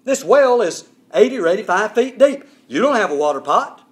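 A male preacher voicing an indignant, sharp-tongued Samaritan woman at a well, in a scornful, challenging manner, as a sermon retelling. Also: high voice, sing-song, brisk, pitched above the performer's own voice.

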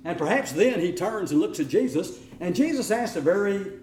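A middle-aged man preaching a sermon in an animated way, sometimes mimicking whiny voices. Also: high-pitched, normal speed, echoey room, a little hiss or hum. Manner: animated, acts out whining voices.

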